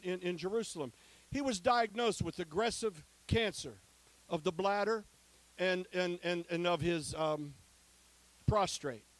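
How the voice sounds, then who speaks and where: Male preacher, high voice, emphatic, moves from booming declarations to quiet storytelling. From Ohio. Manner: lively, emphatic, swinging between loud declarations and hushed storytelling. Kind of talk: preaching testimony.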